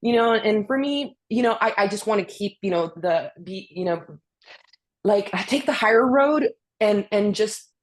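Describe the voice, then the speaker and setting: A woman speaker on a video call, telling personal stories in a casual, animated way, full of "you know" and restarts. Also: medium pitch, moderate pace. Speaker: guest speaker, orchestra conductor. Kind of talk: casual storytelling on a video webinar.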